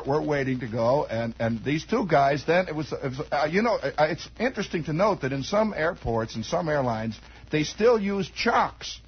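Brief: American male radio host in his forties, a high raspy voice, meandering yarn-spinning monologue, lo-fi vintage broadcast. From United States. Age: 40s. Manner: meandering, wry, with many asides. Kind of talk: rambling improvised radio monologue. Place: radio studio. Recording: dull lo-fi 1960s radio recording.

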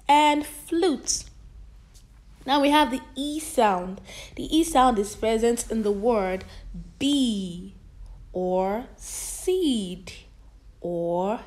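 Very slow woman teaching phonics. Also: mid-range voice, a little mellow. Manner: slow, drawn-out sounding of letters and words, repeating each several times. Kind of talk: phonics lesson for children.

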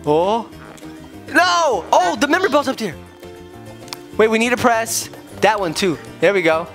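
Faint music plays behind a dad who's gaming with his son for a video, talking at a moderate pace. He's goofy and excitable, joking casually and letting out sudden high-pitched squeals.

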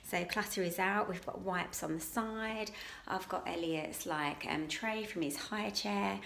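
A woman's voice: mid-range voice, a little slow, creaky, fairly bright tone, slight background noise. A woman, chatting casually and rambling with many ums while touring her own home for a vlog. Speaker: lifestyle vlogger. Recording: echoey room at home.

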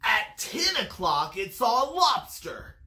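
A reader telling a picture-book story aloud to children with animated, expressive delivery. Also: medium pitch, slow pace. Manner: animated storytelling with lively swings. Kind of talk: expressive read-aloud for kids. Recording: roomy echo.

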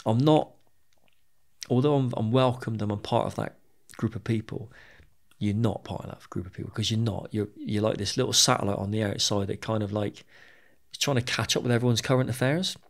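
A middle-aged man recounts his own past as a podcast guest in a frank, unpolished way. His voice has a gravelly edge, and he swears freely and often doubles back on his words mid-sentence. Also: lowish voice, fairly quick. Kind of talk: candid storytelling interview.

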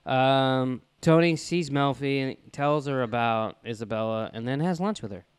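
A man in casual podcast chat, recapping an episode with quick asides and playful quoted lines. His voice sounds smooth and resonant, at an ordinary middle pitch. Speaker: podcast co-host.

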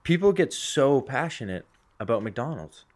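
Speaking at a normal speed in a medium-pitched, very animated voice, this young podcast co-host rambles through crude stories. He laughs a lot and voices both parties in the conversations he recounts, keeping the banter loose and casual.

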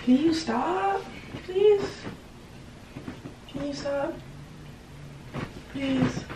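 A woman's voice: high-pitched, drawn-out words. A young woman vlogger in casual prank banter, pleading and exasperated, repeating herself to her boyfriend. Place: indoor room, bedroom. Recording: echoey room, from far off, with background noise.

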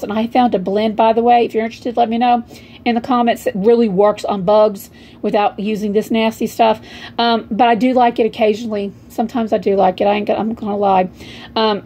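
A woman's voice: on the high side, warm tone, slight background noise. A middle-aged woman with a Southern US accent, chatting casually and folksily to camera as a homemaker vlogger.

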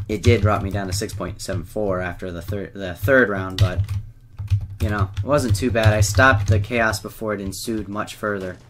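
In a fairly low voice with fairly even intonation and normal speed, a man offers laid-back gameplay commentary full of swearing, laughter and trash talk aimed at opponents. Gunfire from the game and keyboard clicking make the recording noisy.

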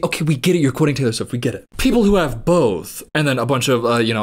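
A reaction video host giving excitable, comedic commentary, swearing often and breaking into giggles. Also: mid-range voice, fairly quick, hardly any pauses.

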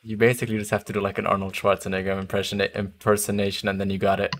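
A man's voice: fairly low pitch, monotone, racing. A young man chatting casually while streaming a hunting game, laughing easily and trailing off mid-thought. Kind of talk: casual gaming chat.

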